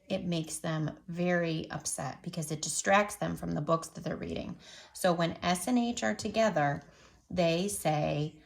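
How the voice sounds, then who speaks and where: A woman with a fairly low, creaky voice teaches young children a phonics lesson, slowly and patiently stretching out the sound of each word. The recording sounds roomy.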